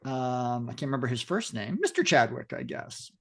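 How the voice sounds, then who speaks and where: A man co-hosting a podcast, describing comic panels casually with many pauses and fillers. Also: mid-range voice, sing-song. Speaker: podcast co-host. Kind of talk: casual chat about a comic.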